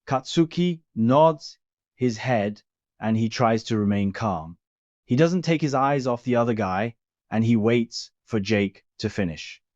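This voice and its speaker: A man reading fan fiction aloud in a steady, plain storytelling way. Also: medium pitch, measured pace, no echo, dull audio. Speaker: reader. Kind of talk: fanfiction story narration.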